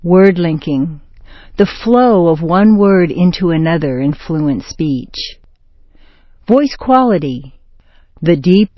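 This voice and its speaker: A woman narrating an accent and grammar lesson in a slow, deliberate scripted delivery, stressing words in example sentences. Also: fairly low pitch, dry recording. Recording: dull, dry studio voice-over.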